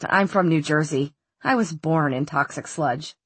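A woman's voice: low voice, unhurried, husky, no echo, pitched below the performer's own voice. A woman voicing a tough, blunt teenage girl with a dry, wry way of talking.

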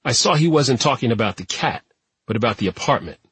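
A man narrating an audiobook at a steady, even pace. His voice is mid-pitched with a noticeably husky, breathy grain. The recording is dry and close, with no room sound. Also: brisk, no echo. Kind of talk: scripted narration.

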